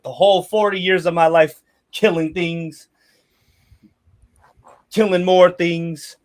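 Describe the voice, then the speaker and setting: Man playing a crude, swaggering mercenary captain, middle-aged, slightly high voice. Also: close to an everyday voice. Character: gruff middle-aged male mercenary leader, brash.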